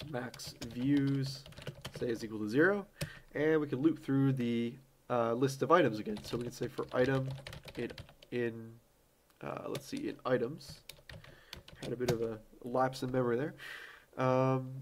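A man hosting a screen-recorded programming tutorial, relaxed and thinking aloud with fillers as he types code. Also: mid-range voice, slight background noise.

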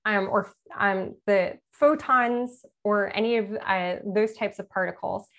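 A woman's voice: medium pitch, a little slow, fairly bright tone. A woman, a physicist, giving a conversational public lecture about her book, explaining plainly with everyday examples and often correcting herself mid-sentence. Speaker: physicist giving an author talk.

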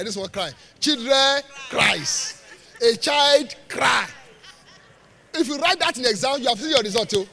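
A man preaching a live sermon in church, joking with the congregation and pausing for it to finish Bible verses. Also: sits high, fairly bright tone. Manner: call-and-response, leaves gaps for the congregation to finish verses; jokes and laughs with the congregation. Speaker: pastor. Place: church auditorium. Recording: live church hall reverb.

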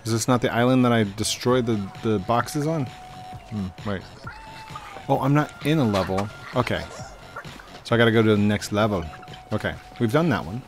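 A man's voice: lowish voice, expressive, normal speed, long pauses. A man hosting a casual let's-play, chatting and talking to himself as he plays. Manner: chatty, self-talking, restarts. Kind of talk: casual gameplay commentary. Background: game music.

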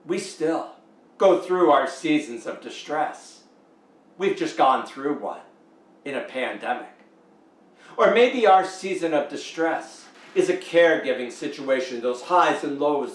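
Canadian male pastor, slow emphatic sermon, roomy church echo. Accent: Canadian English. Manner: slow, emphatic preaching with rising, lively pitch. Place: church sanctuary. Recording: echoey church room, mic at a distance.

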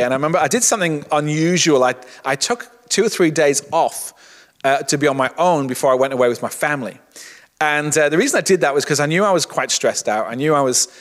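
A man's voice: medium pitch, big-room sound. A middle-aged man preaching a sermon in a conversational way, often restarting his words and saying "you know". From England. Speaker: pastor.

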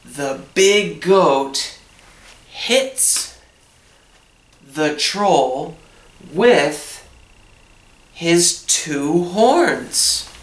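Very slow, echoey male English teacher. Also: a little high, lively intonation. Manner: asks each question, then answers it in simple words. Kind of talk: slow question-and-answer lesson narration. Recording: echoey room, voice from a distance.

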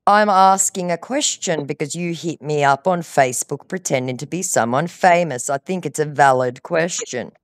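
Sarcastic low-voiced woman scolding a scammer. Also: normal speed, few pauses, dry recording, studio quality. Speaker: scam baiter. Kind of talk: phone call, confronting a scammer.

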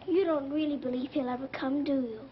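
A woman's voice: high voice, fairly even intonation, fairly quick, slight background noise. A young girl speaking politely and earnestly in a 1930s film. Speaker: little girl lead in a film. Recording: dull old film soundtrack.

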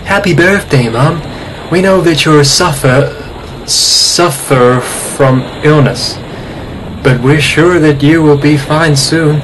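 A man's voice: on the high side, takes it slowly, noisy background, voice pushed up. Man putting on a clingy, overly attached girlfriend. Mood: doting.

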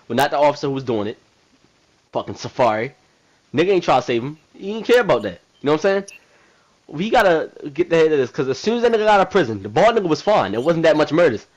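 A man's voice: a little high, poor audio. A man voicing a brash, hot-tempered male president in a video game role-play drama, rambling in profane street slang. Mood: grim.

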